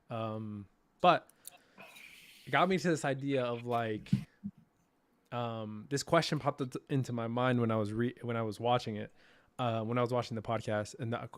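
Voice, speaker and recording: A man hosting a casual, livestreamed podcast, speaking hesitantly with many ums and thoughtful pauses. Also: mid-range voice. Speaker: podcast host.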